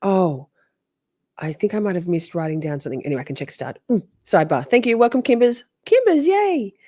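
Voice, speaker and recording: A woman's voice: mid-range voice, very animated, fairly quick, mellow. A woman hosting a casual trial recap, chatty and sarcastic, often acting out quotes in different voices. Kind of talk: casual livestream commentary.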